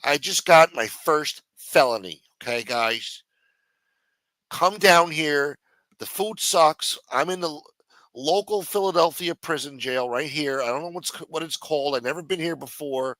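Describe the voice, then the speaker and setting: A man's voice: on the high side, unhurried, pushed and bright, dry recording. A man putting on the voice of a whiny young man who has just been jailed and threatens to snitch. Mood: whining. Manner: whining, pleading, sarcastic.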